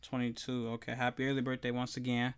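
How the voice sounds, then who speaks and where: Interview host, mid-pitched and soft-spoken, gives short affirmations between questions. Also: monotone, fast, clear, resonant tone.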